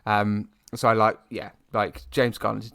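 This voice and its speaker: Animated, swearing man on a dry mic. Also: lowish voice, unhurried, gravelly, clear, resonant tone, no echo. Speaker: podcast co-host. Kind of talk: casual chat.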